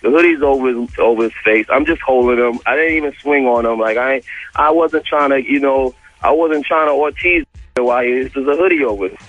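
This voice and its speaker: A man, a guest on a radio interview, telling a story in an animated way and acting out both sides of the exchange. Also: mid-range voice, fairly quick, no room sound. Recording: dull lo-fi radio audio.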